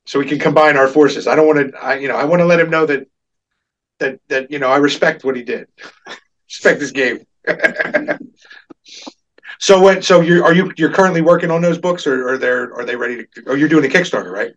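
A man chatting as a podcast host, his voice a touch high and lively. He laughs often and restarts sentences as he goes. He sits a little back from the microphone. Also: brisk, recorded from a distance, lo-fi sound. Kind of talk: casual chat.

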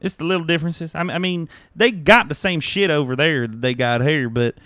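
A man's voice: on the high side, fairly quick, fairly bright tone, no room sound, studio quality, natural voice. A man voicing a chatty, laid-back hitman in a put-on Southern accent during a comedic script read-through. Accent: put-on American Southern. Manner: drawling, conversational, crude.

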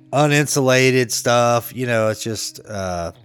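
A man co-hosts a podcast, spinning a work-trip story in a relaxed, joking manner, laughing often and acting out the quotes. His mid-range voice is slow, fairly bright and clean, with faint music in the background. It's a casual storytelling chat.

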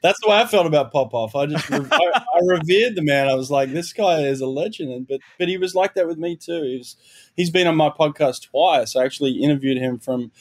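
Speaking briskly in a slightly high voice, the middle-aged Australian ex-Olympic swimmer and coach recounts his past during a conversational interview. He's earnest and reflective, often starting over mid-thought.

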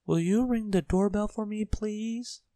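A tiny, timid little fellow in a storybook, squeaking his lines up high in a small, gentle, polite voice, as a man puts him on. The voice sits far above the reader's own, with a slightly different, thinner tone. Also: measured pace, no room sound, studio quality. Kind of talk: storybook character voice.

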